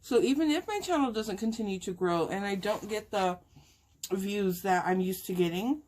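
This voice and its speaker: A woman's voice: medium pitch, moderate pace, darkish tone, a little hiss or hum. A woman talking casually and heartfelt to her viewers while eating, emotional and sighing at times. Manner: talks with food in her mouth. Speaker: mukbang vlogger.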